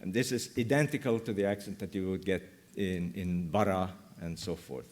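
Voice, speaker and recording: A man's voice: sits low, moderate pace, darkish tone. A man giving an academic conference talk on linguistics, hesitant and full of fillers as he thinks aloud. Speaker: linguistics lecturer. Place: university lecture room.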